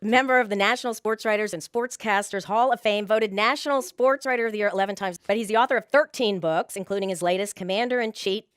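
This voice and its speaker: Woman, tv interviewer, smooth clear voice, dry close sound, friendly probing. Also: medium pitch, fast talker, few pauses, no room sound.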